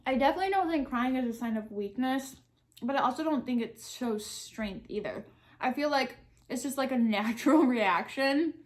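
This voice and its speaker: A woman's voice: high-pitched, expressive, normal speed. A young woman answering question cards while eating, talking candidly and thinking aloud. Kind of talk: casual mukbang chat.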